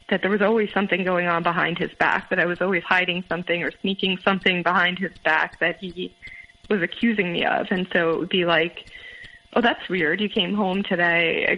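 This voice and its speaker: Woman telling her story over a muffled line. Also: lowish voice. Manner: halting, many fillers and restarts, quotes others in voices. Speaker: interview guest. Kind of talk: candid personal storytelling. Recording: muffled phone-line audio.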